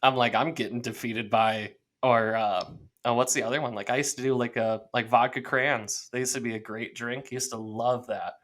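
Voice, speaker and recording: A man's voice: medium pitch, steady tone, moderate pace, a bit bright. A young man co-hosting a podcast, chatting casually and acting out his own thoughts as he tells stories. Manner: rambling storyteller, acts out his own thoughts. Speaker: podcast co-host. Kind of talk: casual chat.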